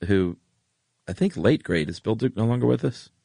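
A man's voice: on the low side, expressive, moderate pace, vocal fry, mellow, no echo. A man co-hosting a podcast, telling stories in a laid-back, enthusiastic way. The mic is close and dry. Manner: laid-back, enthusiastic storyteller who laughs often. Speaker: podcast co-host. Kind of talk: casual chat.

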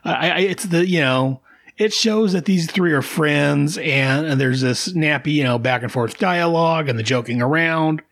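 A man's voice: fairly high pitch, a bit bright. Enthusiastic man talking through a comic. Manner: enthusiastic, halting restarts, laughs often. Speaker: comic book reviewer. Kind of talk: casual commentary.

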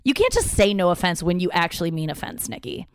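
A woman's voice: fairly low pitch, wildly swooping pitch, fast talker, clear, resonant tone, dry recording, clean studio sound. A woman comedian telling a rambling, profane story from her home office, acting out what other people said. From St. Louis area. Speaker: stand-up comedian and podcast host. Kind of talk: casual solo storytelling monologue.

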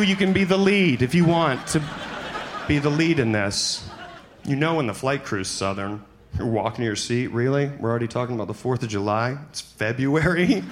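A male stand-up comedian doing his set on stage in front of a live audience, talking in an animated way and swinging into loud, exaggerated voices. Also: on the high side. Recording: noisy live stage recording.

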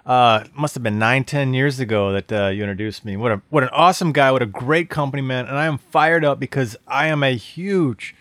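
Middle-aged male podcast co-host, mid-pitched voice, dry close mic, animated and enthusiastic. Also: fairly quick, few pauses, dry recording. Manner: enthusiastic, animated, with many "you know" fillers. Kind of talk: casual car podcast chat.

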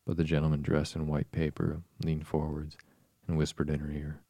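A man narrating an audiobook in a measured, even way. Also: extremely low pitch, dry recording.

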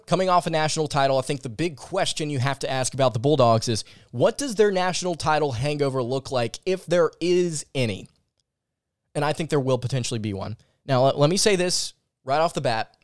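A man's voice: mid-range voice, no echo. A man hosting a sports podcast in casual, opinionated talk, close to the mic. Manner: chatty, opinionated and self-deprecating. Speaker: podcast host.

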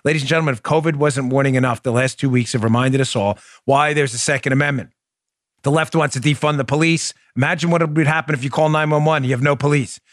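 Male political radio host, mid-pitched, punchy delivery, dry close mic. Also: fast, dry recording. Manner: emphatic, combative, addresses listeners directly. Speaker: talk show host. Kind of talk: political talk show monologue with ad reads.

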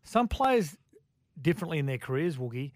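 A man's voice: fairly high pitch, sing-song, moderate pace, no room sound, clean studio sound. A man co-hosting sports radio, giving opinions as he thinks aloud. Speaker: radio co-host and commentator. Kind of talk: casual sports radio chat.

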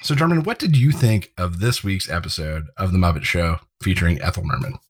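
Guy on a podcast recapping a show, husky lowish voice, chuckles a lot. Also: expressive, fairly quick, dry recording. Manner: laughs often while recapping, trivia-minded. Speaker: podcast co-host. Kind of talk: casual chat recapping a TV episode.

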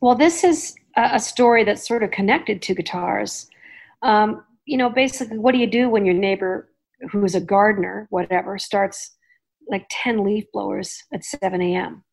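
A middle-aged woman hosting a podcast, chatting in an animated way and laughing easily. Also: mid-range voice, normal speed, gravelly. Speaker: podcast host. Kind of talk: casual chat.

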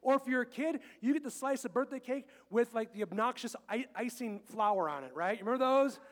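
A middle-aged man preaches a casual sermon in a church sanctuary, mixing scripture readings with jokes and acted-out family moments. His voice sits high, and the room adds a lingering reverb to every phrase. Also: expressive, a little fast, a bit bright. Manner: chatty and joking, quotes scripture, acts out little scenes. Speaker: pastor.

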